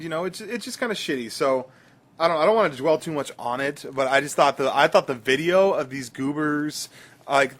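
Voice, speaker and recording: Podcast guy rambling along, kinda high voice, lots of ums and restarts. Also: a bit bright. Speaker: podcast co-host. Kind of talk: casual podcast chat.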